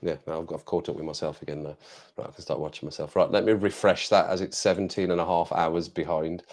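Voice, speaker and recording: A man's voice: sits low, fairly even intonation, quick pace, darkish tone. An English man hosting a casual live stream, chatting to viewers in a rambling way, repeating phrases and laughing often.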